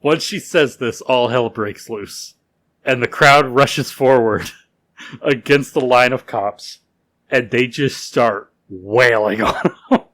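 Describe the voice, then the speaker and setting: A man's voice: mid-range voice, slow pace, a bit bright. A man co-hosting a podcast, telling a history story in a casual way, laughing often and using loose fillers. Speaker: podcast co-host.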